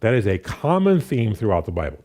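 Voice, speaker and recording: A man's voice: fairly low pitch, brisk. A man preaching a sermon in a conversational way, reading scripture aloud, with frequent restarts and "you know" fillers. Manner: reads scripture aloud and paraphrases it with animated voices.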